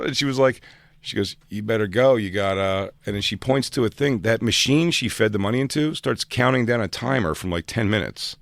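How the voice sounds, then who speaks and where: A man on a radio studio show, telling crude anecdotes and jumping loud and high when he quotes himself. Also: fairly quick, gravelly, no room sound.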